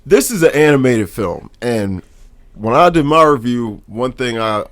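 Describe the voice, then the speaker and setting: Casting: man, mid-pitched, eager fan energy, casual podcast co-host. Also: a little slow. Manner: enthusiastic, animated fan talk. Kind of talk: casual chat.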